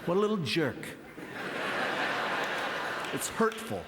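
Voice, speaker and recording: Man doing stand-up in a roomy hall. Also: slow pace. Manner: deadpan with sudden high-pitched outbursts. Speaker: comedy show host. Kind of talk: stand-up comedy. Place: comedy club stage. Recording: roomy hall with audience noise.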